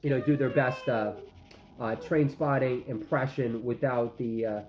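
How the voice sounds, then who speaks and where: A man's voice: mid-range voice, steady tone, a little slow, background noise. A man in his forties ranting comically and self-mockingly about his food, with many fillers. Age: 40s. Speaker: vlogger dad. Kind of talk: comic rambling rant. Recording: echoey room, dull lo-fi sound.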